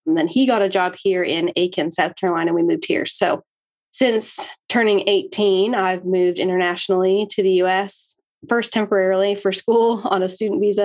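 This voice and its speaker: A woman's voice: fairly low pitch, darkish tone. Woman, thirties, from Canada, slight Southern US accent, friendly, wry, laughs easily, interview guest. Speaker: guest, real estate agent. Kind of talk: casual interview chat.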